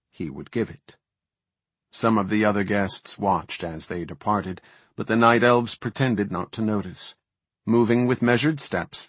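A man narrating an audiobook in an even, unhurried read. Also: lowish voice, breathy edge, no echo. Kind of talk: scripted narration.

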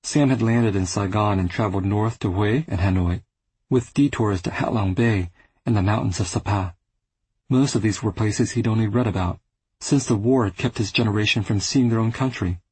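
Husky, low-voiced male audiobook narrator. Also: normal speed, darkish tone, dry recording, low-quality recording. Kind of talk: first-person literary narration.

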